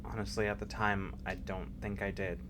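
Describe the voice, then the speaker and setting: A man narrating a tabletop game as game master, in a halting, thoughtful way. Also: lowish voice, level tone, noisy background.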